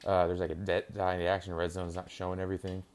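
Deep-voiced and monotone, this young podcast host talks fast with a slightly mellow sound. Alone on the mic, he rambles and curses while reacting to a football game on TV.

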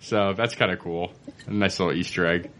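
A man co-hosting a casual fan podcast, agreeable and quick to back up his partner. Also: sits low, fairly even intonation, noisy background. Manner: agreeable, chiming in with quick backing. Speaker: podcast co-host.

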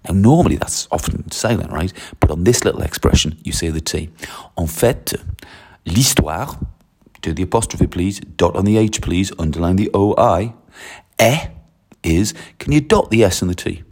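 A man's voice: low-pitched, lively intonation, normal speed, darkish tone, breathy edge. A man teaching French, talking through classroom steps with frequent direct requests and tag questions. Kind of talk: classroom-style teaching walkthrough.

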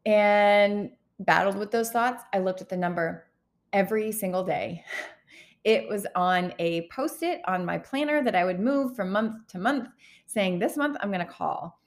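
A woman in her thirties talking candidly in a personal vlog, halting and close to tears as she opens up. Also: medium pitch. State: holding back tears. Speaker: healthcare worker vlogger.

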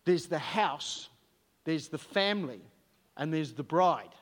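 Male preacher with a high voice, emphatic and direct, in a long-reverb hall. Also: expressive, takes it slowly. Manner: emphatic, rhetorical questions to the congregation. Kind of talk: sermon.

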